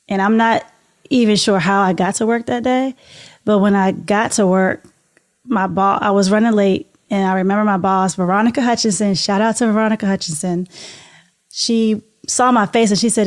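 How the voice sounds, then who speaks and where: A woman's voice: mid-range voice, steady tone, moderate pace, darkish tone. Earnest middle-aged woman telling her story. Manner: earnest, heartfelt and reflective. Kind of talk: personal storytelling in an interview.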